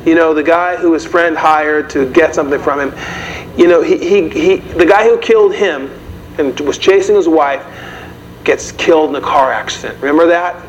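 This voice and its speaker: A man's voice: fairly high pitch, normal speed. Man preaching to his congregation. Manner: conversational, asks the audience questions. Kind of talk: sermon. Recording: dull, slightly noisy recording.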